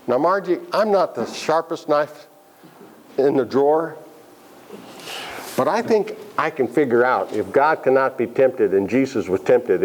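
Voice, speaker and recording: A man leading a Bible study class, asking the group questions and making joking asides. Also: on the high side. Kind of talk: interactive Bible lesson.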